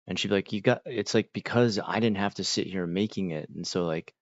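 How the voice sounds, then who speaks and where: A man hosting a casual livestream, talking to chat in a relaxed, rambling way with many fillers. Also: sits low, fairly quick, no echo. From United States. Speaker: livestream host. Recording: dull, dry mic sound.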